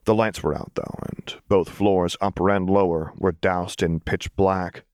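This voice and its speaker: A man reading a fan-fiction story aloud as a steady, measured narrator. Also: low voice, no room sound, studio quality. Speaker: audiobook reader. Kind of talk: scripted narration.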